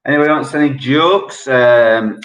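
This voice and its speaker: A man hosting an online quiz, chatty and joking, reading each question slowly and repeating it. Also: medium pitch, a bit bright. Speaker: quiz host. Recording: echoey room.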